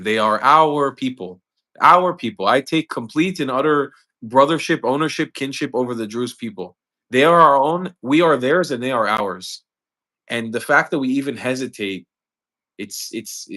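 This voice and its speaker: A man's voice: mid-range voice, a bit bright. A man hosting a live stream, speaking earnestly and with passion, often repeating words and restarting lines. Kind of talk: impassioned live-stream commentary.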